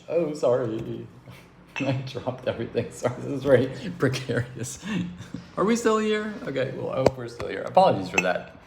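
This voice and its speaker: A man lectures on philosophy in an improvised livestream, explaining with lively, rising and falling intonation and frequent asides. His voice sits at an everyday middle pitch. The sound bounces around a makeshift home studio, recorded on a device camera propped on DVDs. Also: echoey room. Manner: expressive, digressive explaining with asides.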